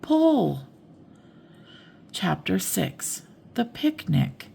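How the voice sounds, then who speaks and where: An older woman reading a bedtime story aloud in a slow, gentle manner. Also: deep voice, vocal fry, slight background noise.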